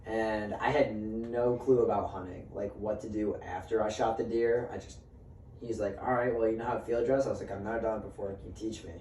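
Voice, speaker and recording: A man's voice: fairly low pitch, mellow, slight background noise. A man casually telling a story among friends, swearing freely and acting out what people said. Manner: swears freely and acts out quoted dialogue. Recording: roomy sound from a distant mic, faint ambience.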